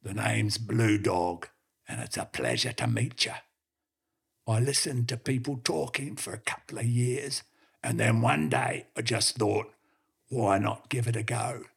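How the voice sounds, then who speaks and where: A man voicing a gruff old male farm dog, boastfully spinning yarns and barking between tales. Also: medium pitch, animated, a little slow, exaggerated voice. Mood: cheerful. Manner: boastful yarn-spinner, barks "boof".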